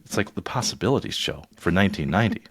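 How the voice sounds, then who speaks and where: A man co-hosting a podcast in casual chat, joking and playful with quick asides. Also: deep voice, expressive, breathy edge, dry recording. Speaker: podcast co-host.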